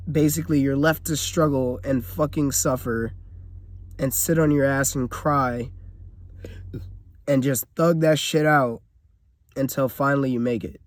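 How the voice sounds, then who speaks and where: A man's voice: medium pitch, dry recording. Young guy in his car venting hard, swearing a lot, dry close sound. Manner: blunt, profane, emotional venting. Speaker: vlogger. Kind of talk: personal vlog rant.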